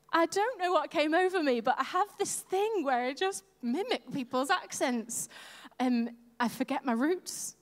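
A woman's voice: high-pitched, expressive, unhurried. A woman church leader giving a chatty, self-deprecating sermon from a church stage and talking with the congregation. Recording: long hall reverb.

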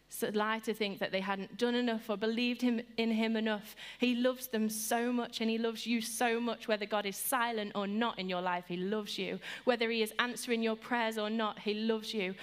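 A woman with a somewhat high voice delivers an earnest sermon. She slows down and repeats lines for emphasis. When she tells a story she turns lively. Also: smooth. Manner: earnest and repetitive, slowing for emphasis; animated when telling stories. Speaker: speaker giving a devotional talk.

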